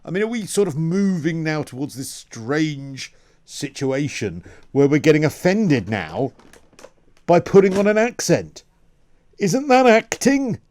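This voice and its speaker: A man hosting a radio talk show, asking quick rhetorical questions and stumbling now and then as he pushes a point. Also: on the high side, sing-song, a little mellow, dry recording. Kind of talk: opinion radio discussion. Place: radio studio.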